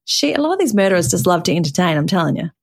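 A woman's voice: on the low side, very animated, racing, vocal fry. Kiwi woman telling a true-crime story. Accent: New Zealand. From New Zealand. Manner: playful, storytelling. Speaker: podcast co-host. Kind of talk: casual true-crime podcast chat.

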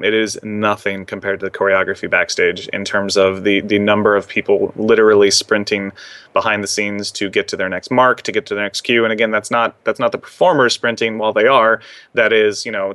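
A young man talks loosely and at length, full of ums and restarts, as he explains coaching theme park performers. His voice sits fairly low but comes across bright and forward. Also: flat delivery, brisk. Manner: rambling with many fillers and restarts. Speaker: former theme park performer and accent trainer. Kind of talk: casual interview chat.

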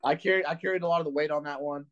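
A man's voice: on the high side, fairly even intonation, very fast, clear, resonant tone, muffled recording. A man co-hosting a podcast in casual, teasing banter. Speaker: podcast co-host.

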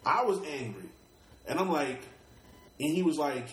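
A middle-aged Brooklyn man with a New York accent, a rapper guesting on an interview, tells stories in a casual, streetwise way, swearing freely and often repeating and restarting words. His voice is fairly high with lively intonation at a normal speed, and he pauses often. The low-quality recording sounds roomy, with slight background noise.

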